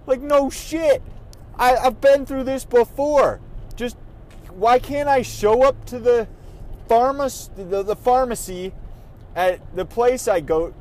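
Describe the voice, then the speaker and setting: A man's voice: very high-pitched, slow, a little mellow, a little hiss or hum, rough recording. A man vlogging from his car, ranting in an irritated, profane way while he drives. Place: in a car on the road.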